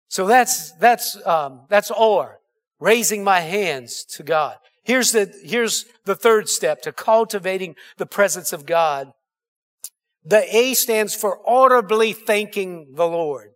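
A man's voice: high-pitched, lively intonation, slow, fairly bright tone. A male pastor preaching a sermon in church, calling out to the congregation for amens. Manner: preaching with call-and-response asides. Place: church sanctuary.

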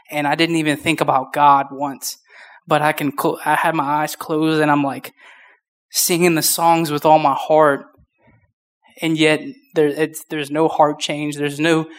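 A man's voice: on the high side, a bit bright. A young man in his twenties preaching a casual youth sermon, short of breath, with many restarts and fillers. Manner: informal, rambling, many restarts. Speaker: youth pastor.

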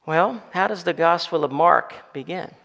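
At a measured pace, a pastor with a gravelly, slightly high, a bit bright voice preaches in a church sanctuary. He builds toward emphatic calls for the congregation to answer, and the church hall gives his words a long reverb.

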